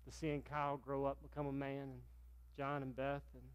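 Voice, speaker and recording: A man's voice: medium pitch, completely flat delivery, normal speed, clear, resonant tone, dull audio. A middle-aged man, a pastor preaching a sermon and telling stories, acting out the dialogue in them. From Virginia, US. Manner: storytelling, acts out dialogue with raised voice.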